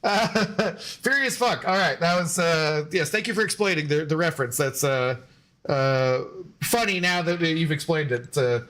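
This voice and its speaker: A man's voice: on the high side, lively intonation, a little slow, a bit bright. A man streaming a game and chatting loosely with viewers, laughing often and swearing casually.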